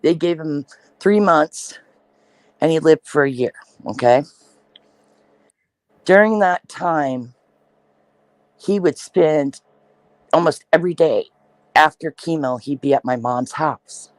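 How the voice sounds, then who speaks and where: A woman's voice: sits low, slow, long pauses, no room sound, low-quality recording. A woman from Iowa telling a family story in casual chat, acting out the voices of the people she quotes. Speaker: podcast host.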